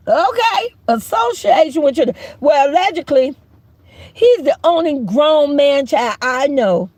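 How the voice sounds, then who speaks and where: A middle-aged woman delivers a fiery call-out rant, preaching and often breaking into shouts. Her voice sits high and swoops all over the place. The sound is close and dry. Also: dry recording. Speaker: YouTube commentator.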